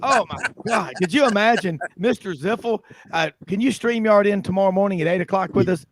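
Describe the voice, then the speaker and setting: A man hosting a sports roundtable, chatty and quick to laugh and do impressions. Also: high-pitched. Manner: chatty storyteller doing impressions, laughs often. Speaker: sports radio host. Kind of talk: casual roundtable chat.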